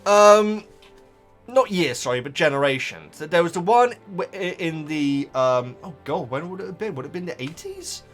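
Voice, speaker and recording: A man's voice: fairly high pitch, expressive, normal speed, fairly bright tone, soft background music. A man rambling casually to his viewers about a book, with lots of restarts and asides. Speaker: vlogger reacting to a book.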